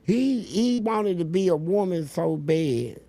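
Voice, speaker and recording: A man's voice: sits high, expressive, takes it slowly, mellow. A man telling blunt, profane stories as a guest in an interview. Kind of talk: storytelling interview.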